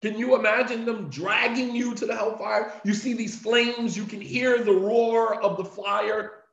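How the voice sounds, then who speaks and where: Guy preaching, high voice, keeps repeating lines for emphasis, echoey slightly muffled sound. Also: fairly even intonation, gravelly, fairly bright tone. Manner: emphatic, repeats key phrases for effect; recites Arabic passages quickly between English explanation. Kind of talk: devotional talk. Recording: echoey, slightly dull recording.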